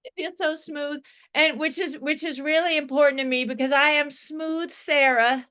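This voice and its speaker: A woman's voice: high-pitched, fairly even intonation, normal speed, pushed and bright. A woman playing a needy, flustered guest in an improvised comedy sketch over a video call. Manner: flustered and self-dramatizing.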